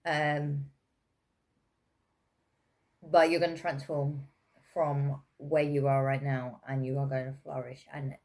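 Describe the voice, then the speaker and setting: An English woman reads tarot in a loose, conversational style, laughing often and filling her speech with fillers. Her voice sits low and has a darkish tone.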